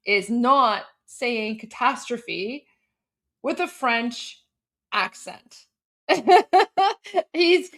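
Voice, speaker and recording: Canadian-raised woman in her 40s, chatty stream host, giggles a lot, slightly high voice. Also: a bit bright. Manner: chatty and giggly, lots of "like" fillers. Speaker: livestream host. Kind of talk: casual live commentary.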